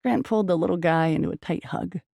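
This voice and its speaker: A woman reading a romance novel aloud in an even, measured storytelling manner. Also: on the low side, creaky, dry recording, studio quality. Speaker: audiobook narrator. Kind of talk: scripted narration.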